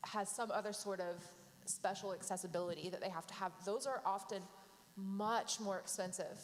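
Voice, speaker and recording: A woman's voice: mid-range voice, fairly even intonation, moderate pace, long reverb tail, slight background noise. A woman who works at an aid organization, speaking earnestly and with emotion in a panel discussion.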